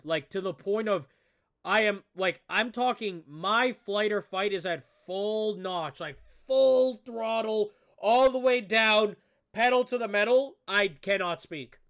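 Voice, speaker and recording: A male streamer reacting to videos in an excitable, rambling way, talking straight to his viewers. His voice sits a little high and sounds bright and tense. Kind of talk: casual reaction commentary.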